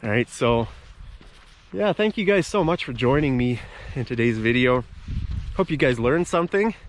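A man's voice: medium pitch, animated, normal speed. Chatty man teaching English on a walk. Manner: chatty, explains words as he goes. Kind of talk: casual teaching vlog on a walk. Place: outdoors in a park with bushes and a bridge.

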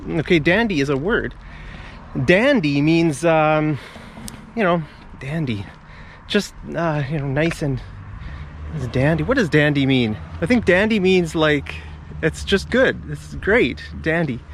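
A man's voice: fairly high pitch, lively intonation, unhurried, a little hiss or hum. A man giving a rambling, off-the-cuff vocabulary lesson while walking outdoors with a camera. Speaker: English teacher. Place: outdoors on residential streets. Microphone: handheld camera while walking.

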